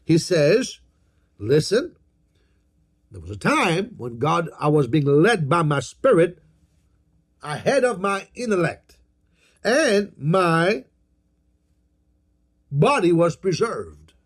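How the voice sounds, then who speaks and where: Slow, emphatic preaching man. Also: fairly high pitch, very animated, husky. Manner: call-and-response preaching, repeats key phrases; slow and emphatic, reads scripture aloud. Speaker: pastor. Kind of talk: sermon.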